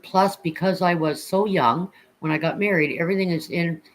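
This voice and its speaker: A woman on a livestream call, sharing personal troubles in a soft, confiding way. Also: fairly low pitch, moderate pace, poor audio.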